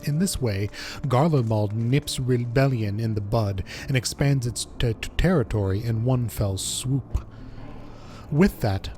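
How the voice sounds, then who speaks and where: A man voicing a formal, secretive male merchant, reading game dialogue aloud in a measured, somewhat stilted way. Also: mid-range voice, warm tone, natural voice.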